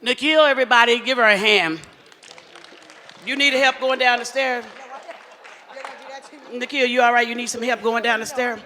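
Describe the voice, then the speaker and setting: A man, emceeing a live event with loud, teasing crowd banter on a handheld mic. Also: extremely high pitch, fairly even intonation, normal speed, pauses often. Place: large hall at a live event. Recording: echoey hall with faint ambient noise.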